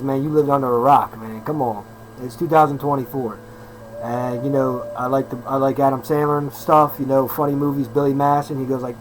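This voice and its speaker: A man's voice: mid-range voice, slight background noise, low-quality recording. Hyper upbeat man in his thirties. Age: 30s. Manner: hyper, fast-talking, repeats himself, upbeat slang. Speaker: personal trainer vlogger. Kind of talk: casual rambling vlog talk.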